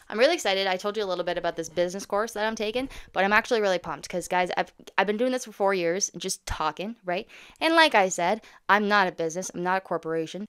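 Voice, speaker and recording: A young-sounding woman talks straight to the camera in a quick, rambling, frank way. Her mid-range voice has a gravelly fry under a smooth, clean tone. The sound is dry and close, with no room echo. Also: mid-range voice, fairly bright tone. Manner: fast, rambling, frank, with laughs and swearing. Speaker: autism content creator. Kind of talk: candid talk to camera.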